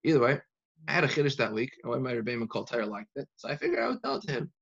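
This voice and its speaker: A young man teaching a Talmud lesson in yeshiva style, animated and full of restarts. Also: medium pitch, rapid-fire, gravelly, husky, muffled recording. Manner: animated, uses Hebrew and Yiddish learning terms, many restarts. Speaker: Torah teacher.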